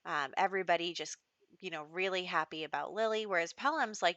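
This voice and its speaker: A woman's voice: lowish voice, moderate pace, a bit bright, no echo. A woman hosting a casual game playthrough, chatty and laughing often as she acts out her characters' lines, on a desk microphone. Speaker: gameplay host. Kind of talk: casual gameplay commentary. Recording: dull, dry lo-fi recording.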